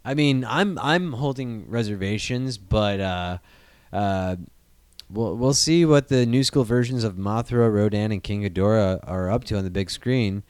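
Brief: young male podcast host, loose and animated, cursing freely, dry close sound. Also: lowish voice, unhurried, clean tone, no echo. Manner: animated, swearing, jumps into excited outbursts. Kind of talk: casual movie news chat.

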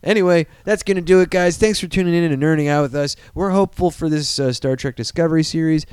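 A man hosting a casual nerdy podcast, talking in an excitable, profane and rambling way. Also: on the high side, fast, smooth, no echo. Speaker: podcast host.

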